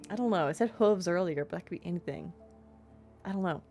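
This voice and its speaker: A woman's voice: lowish voice, lively intonation, fast, dark tone, soft background music. A young woman streaming a game, bubbly, giggly and chatty with her chat.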